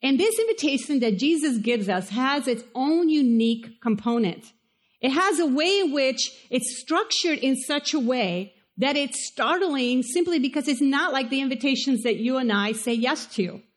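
Woman pastor with a Spanish accent, high voice, chatty and lively sermon delivery. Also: normal speed. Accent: Spanish-accented English. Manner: conversational and animated, asks the listeners questions.

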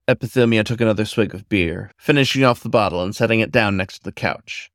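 Low-voiced man reading a story. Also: fast, no echo, clean studio sound. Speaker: narrator.

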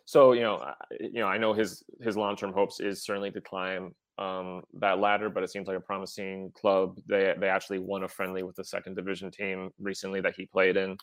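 Man, very low voice, podcast co-host, halting relaxed chat, dry recording. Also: no room sound. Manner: halting, many fillers, relaxed.

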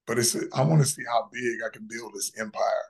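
A man in his fifties, appearing as a podcast guest in a casual interview, comes across as brash and boastful with emphatic delivery. His mid-range voice moves fairly quickly and has vocal fry.

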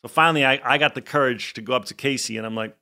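Man, 40s, podcast co-host, bright voice, rambling anecdotes full of fillers. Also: mid-range voice, very fast. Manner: rambling, animated storyteller with filler words. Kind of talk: casual rewatch podcast chat.

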